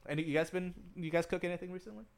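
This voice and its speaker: A man's voice: high voice, rapid-fire, creaky. A young man co-hosting a casual chat podcast, rambling through a cooking story, swearing freely and often laughing as he gets worked up. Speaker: podcast co-host.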